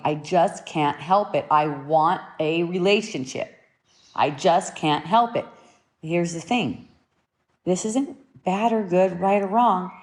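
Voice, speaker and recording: In a mid-range voice, a woman gives a spiritual teaching talk, unhurried and reflective. She often repeats and rephrases her points, sometimes driving them home with short, emphatic commands.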